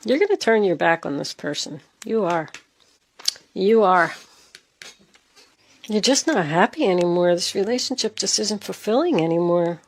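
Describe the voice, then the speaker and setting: Woman, tarot reader, emphatic, addresses listener directly, mid-pitched voice. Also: animated, brisk, few pauses. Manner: emphatic, talks straight to the listener. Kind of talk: tarot reading monologue.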